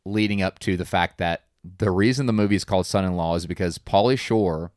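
Deep-voiced man recapping a movie. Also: brisk, darkish tone, no room sound, clean studio sound. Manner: retells scenes, acting out quotes. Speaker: podcast co-host. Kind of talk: casual movie recap chat.

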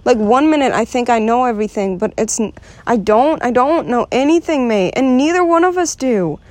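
A woman's voice: on the high side, animated, moderate pace, no room sound. A young woman venting frankly in a rambling, unscripted monologue, swearing freely and full of filler words. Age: young adult. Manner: frustrated and restless. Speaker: vlogger.

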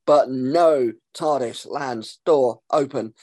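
A man's voice: mid-range voice, slow, a little mellow, no echo. Sarcastic man recapping. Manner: sarcastic, swears freely, many ums. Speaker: podcast host. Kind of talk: casual chat recapping an episode.

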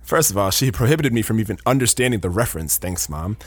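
A man's voice: fairly low pitch, animated, fast talker. A man chatting casually, telling rambling, facetious stories full of restarts. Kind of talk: casual chat.

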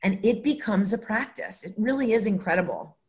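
A woman hosting a podcast in casual conversation, enthusiastic and affirming, with an energetic way of talking. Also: mid-range voice, brisk. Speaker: podcast host.

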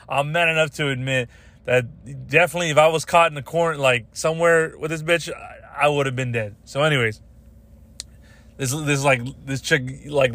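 A young adult man with a slightly high voice rants on his podcast. He talks casually and swears freely, and he acts out the people in his stories as he goes. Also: no room sound. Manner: animated, profane storytelling with voiced quotes. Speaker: podcast host. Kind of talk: casual solo podcast rant.

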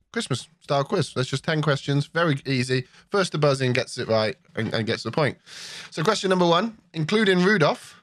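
A man's voice: medium pitch, a bit bright, dry recording. A man hosting a casual Christmas quiz among friends, teasing and laughing between questions. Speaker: quiz host.

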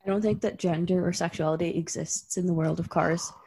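A woman's voice: lowish voice, steady tone, fairly quick, warm tone, a little hiss or hum. A young woman with a Donegal Irish accent, co-hosting a podcast in casual chat and laughing often. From Donegal, Ireland. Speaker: podcast co-host.

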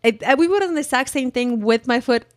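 A woman in her thirties telling a story in casual podcast chat, animated and laughing, full of "like". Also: high voice, fast talker, dry recording, clean studio sound. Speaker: podcast co-host.

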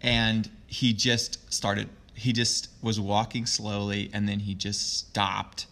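A man talking as a youth sports coach in an interview, earnest and reflective, telling a story in a soft, thoughtful way. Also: on the low side, little pitch movement, slow. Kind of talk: conversational interview.

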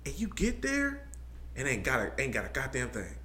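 A man's voice: mid-range voice, huge pitch swings, normal speed, pushed and bright. A man in casual chat as a podcast co-host, teasing and bantering.

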